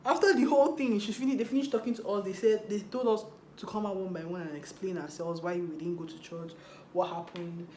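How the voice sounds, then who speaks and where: A young woman telling a storytime vlog while doing her makeup, chatty and animated, acting out what people said. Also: mid-range voice, fairly quick, roomy sound, a little hiss or hum. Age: young adult. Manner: chatty, animated retelling with acted quotes. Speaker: vlogger.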